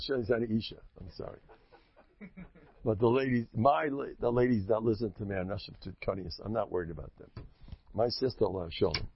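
A man's voice: mid-range voice, gravelly, slightly rough. A man giving a sermon as a religious speaker, emphatic and joking in a preachy way. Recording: lo-fi dull recording.

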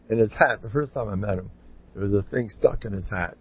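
Gravelly older man giving a rambling Torah talk. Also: brisk. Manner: rambling, repetitive, bursts into loud high exhortation. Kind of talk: informal Torah talk with stories. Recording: dull lo-fi recording.

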